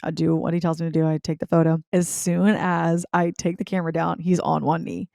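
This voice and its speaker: Young woman podcast host, lower pitch, casual and animated storyteller, dry close mic. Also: fairly quick, gravelly, no echo. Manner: chatty, animated, filler-heavy with frequent "like".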